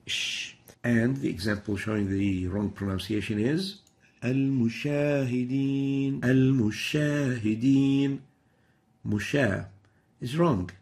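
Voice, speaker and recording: Gravelly-voiced man teaching pronunciation. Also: lowish voice, a little mellow. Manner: methodical, demonstrates each sound by repeating example words. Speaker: Quran recitation teacher. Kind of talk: instructional lesson.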